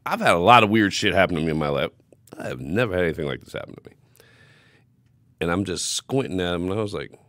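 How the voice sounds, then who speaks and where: A man with an extremely deep, gravelly voice, swearing freely as he tells a story in casual podcast chat. The sound is dry and close. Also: quick pace, no echo. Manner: profane, animated storytelling. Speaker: podcast co-host.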